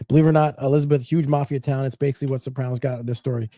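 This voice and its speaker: A man's voice: medium pitch, fairly even intonation, racing, warm tone, dry recording. A man, co-hosting a casual live chat and reading out viewer comments. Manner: brief agreeing, reads out comments. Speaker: co-host reading viewer questions.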